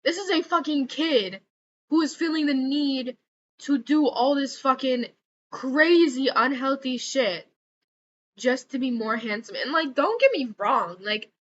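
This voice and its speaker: A woman's voice: high voice, a bit bright. Profane, exasperated young woman vlogging. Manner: profane, exasperated, many fillers like "like". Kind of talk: casual ranting vlog. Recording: slightly dull lo-fi audio with faint noise.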